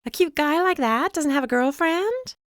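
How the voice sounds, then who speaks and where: A fussing, gushing woman in a storybook reading, voiced by a woman. She rises well above the narrator's own pitch and sounds clear and smooth. The recording is dry and close. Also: wildly swooping pitch, unhurried, no echo, full character voice. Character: warm, fussing woman, father's girlfriend.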